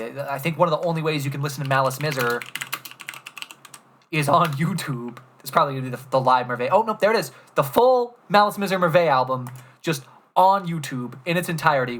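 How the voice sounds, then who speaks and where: A young streamer ranting casually to chat about albums, enthusiastic and rambling, swearing often. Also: mid-range voice.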